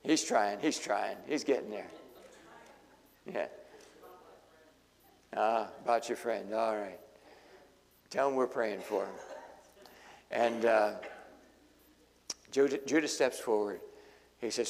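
A man preaching a sermon, retelling a story with lively acted-out voices. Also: fairly low pitch, slow, pauses often. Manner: animated storytelling, acting out voices. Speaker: pastor. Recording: long hall reverb.

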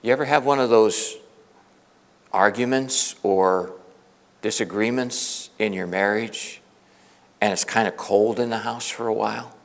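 Animated preacher in a reverberant hall. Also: male voice, on the low side, a little slow, gravelly, long pauses. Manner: animated preaching, swinging between loud peaks and hushed asides. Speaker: pastor. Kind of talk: sermon. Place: church sanctuary.

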